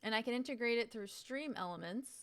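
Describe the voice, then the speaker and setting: A woman's voice: on the high side, a little fast, fairly bright tone, clear, resonant tone. A woman streaming on Twitch, chatting casually as she sets up, rambling, swearing freely and poking fun at herself.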